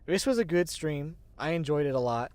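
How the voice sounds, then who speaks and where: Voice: medium pitch, expressive, moderate pace, darkish tone, no room sound. Agender streamer with a mid-range voice, laughing. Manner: rambling, laughs often, swears casually; self-deprecating, restarts sentences. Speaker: streamer, show host. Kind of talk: casual livestream chat.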